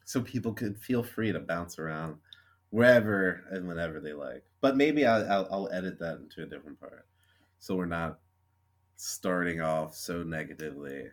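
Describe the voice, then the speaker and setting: A man's voice: sits low, moderate pace. A young man co-hosting a podcast, venting in a frustrated, sweary, sarcastically apologetic rant. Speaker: podcast co-host. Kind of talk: casual chat.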